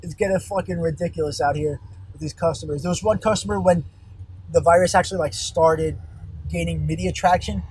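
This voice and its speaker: A young man working in fast food, telling an exasperated, rambling and profane story about a customer while driving on a highway. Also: steady tone, a little mellow, husky, rough recording. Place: car on a highway. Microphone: phone. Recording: faint road noise in a car. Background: vehicle noise.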